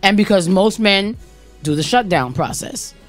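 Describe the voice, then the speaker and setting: A woman's voice: medium pitch, lively intonation, normal speed, soft background music. A woman on a live radio talk panel, arguing her point emphatically, repeating herself and cutting off interruptions. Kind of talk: heated live radio debate.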